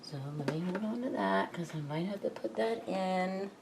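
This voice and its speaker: A woman's voice: on the low side, normal speed, noisy background. A woman vlogger at home, thinking aloud in a rambling, chuckling way while she repairs her computer. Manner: rambling, self-talking, chuckling. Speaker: crafting vlogger. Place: home room.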